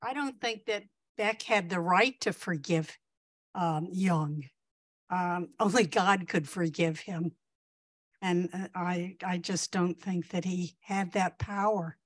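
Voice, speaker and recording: A woman's voice: on the low side, slow pace, dry recording, studio quality. A woman in the audience making a hesitant, earnest comment during a discussion. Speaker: audience member.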